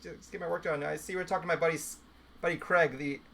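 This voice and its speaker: Man, podcast co-host, bright voice, rambling anecdote, casual chat. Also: on the high side, fairly even intonation, quick pace, creaky. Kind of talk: casual group chat, storytelling.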